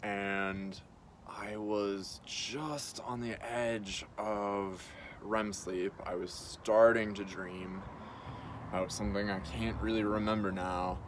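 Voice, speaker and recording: A man talking casually to camera in a halting way, with many pauses and fillers. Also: fairly low pitch, fairly even intonation, slight background noise. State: groggy and short on sleep. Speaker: video blogger. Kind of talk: casual spoken monologue to camera.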